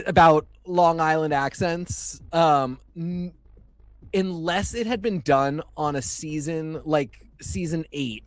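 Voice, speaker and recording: A man's voice: on the high side, dry recording. A man co-hosting a casual podcast, talking at length with many fillers and asides. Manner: chatty, digressive, many fillers. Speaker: podcast co-host. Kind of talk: casual chat.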